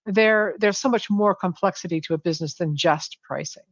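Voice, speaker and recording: Woman guest, animated coach who restarts her sentences a lot, heard dry and lo-fi over a call. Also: on the low side, a little fast, no echo. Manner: animated, many restarts and self-corrections. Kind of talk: conversational interview. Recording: dull lo-fi sound, dry.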